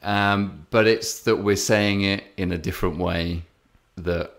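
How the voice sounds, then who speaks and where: A man's voice: low voice, fairly even intonation, unhurried, fairly bright tone. A man with an English accent, telling a story in a rambling way with many fillers and restarts, co-hosting a podcast. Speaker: podcast co-host. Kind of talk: casual podcast chat.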